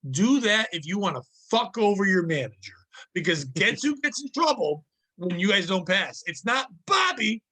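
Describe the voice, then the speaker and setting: High, bright-voiced man telling stories. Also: moderate pace, low-quality recording. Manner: profane, animated, acts out the people in his stories. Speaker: podcast co-host. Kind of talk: casual storytelling chat.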